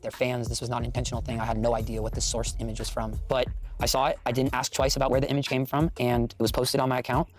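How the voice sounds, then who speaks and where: A man who makes art, talking in a reflective, casual way, earnest and apologetic and full of "kind of" and "like". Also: mid-range voice. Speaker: artist and content creator.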